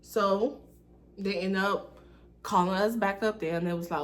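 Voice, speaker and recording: Young woman, storytime vlog, sassy, animated, chatty and colloquial. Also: mid-range voice, a little slow, pauses often. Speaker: vlogger telling a storytime. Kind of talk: casual storytime.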